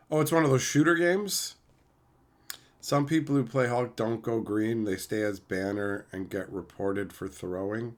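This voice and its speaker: Male streamer, playful roaster of chat, very lively pitch swings. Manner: animated, mock-teasing, playful roasting of chatters. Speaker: streamer reading live chat. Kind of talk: casual livestream chat.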